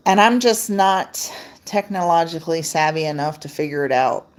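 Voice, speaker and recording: A woman's voice: low-pitched, moderate pace. A woman hosting a casual livestream, reading out and answering viewer comments and laughing often. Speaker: livestream host. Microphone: laptop.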